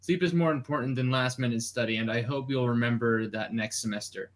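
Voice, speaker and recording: A man reading the part of a calm male teacher in a casual comic reading, measured and reassuring. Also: medium pitch, close to an everyday voice. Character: calm male teacher giving gentle advice.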